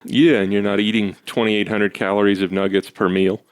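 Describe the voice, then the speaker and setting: A man with a fairly low voice talks casually on a podcast, rambling through his stories. He is self-deprecating and leans on fillers as he goes. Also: little pitch movement, brisk. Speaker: podcast co-host, husband. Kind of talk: casual chat.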